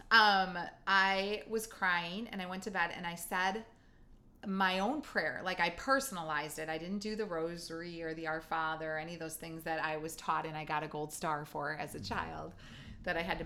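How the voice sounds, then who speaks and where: A woman co-hosts a podcast, telling her story in an earnest, chatty way. She drops playful asides as she goes. Her voice sits a little low for a woman. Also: moderate pace, sharp tone, slight background noise. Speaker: podcast co-host. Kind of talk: casual chat.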